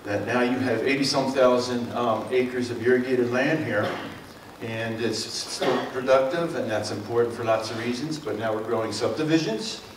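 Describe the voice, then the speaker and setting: A man's voice: medium pitch, moderate pace, far from the mic. A middle-aged man with a Philadelphia and South Jersey accent speaks to a community forum in a loose, rambling way, with plenty of fillers and restarts. He stands well back from the mic, and his voice rings around an echoey meeting room. A faint room hum sits underneath. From Mid-Atlantic US. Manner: folksy and rambling, with many fillers and self-corrections. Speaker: water district speaker. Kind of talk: public talk to a community forum.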